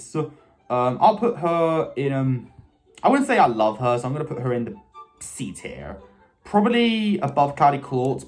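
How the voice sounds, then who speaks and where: An eager man chats loosely to camera as a fan vlogger, often restarting his sentences and wandering into side remarks. His voice sits at an ordinary middle pitch. Faint music plays softly underneath. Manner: enthusiastic, fan-like, many self-corrections and asides. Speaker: video host ranking cartoon characters. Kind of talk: casual rambling commentary.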